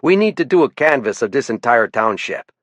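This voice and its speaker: A man's voice: mid-range voice, big pitch swings, fairly quick, a bit bright, no room sound, pitched above the performer's own voice. A man voicing a theatrical, pompous game warden lieutenant with a sing-song francophone accent. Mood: commanding. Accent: francophone Maine French. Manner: sing-song lilt, speechifying.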